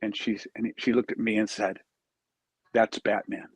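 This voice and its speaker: A man's voice: on the low side, little pitch movement, unhurried, husky, dry recording. A man, a charity founder, telling an earnest story in an interview and acting out the quoted dialogue.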